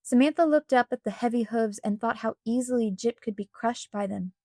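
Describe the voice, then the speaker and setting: A woman narrating a children's storybook with expressive, even storytelling. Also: fairly high pitch, a little fast, dry recording, studio quality. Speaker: audiobook narrator.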